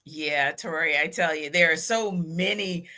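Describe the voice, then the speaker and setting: A woman hosting a sports talk podcast, upbeat and chatty and quick to laugh. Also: deep voice, pushed and bright. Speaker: podcast host.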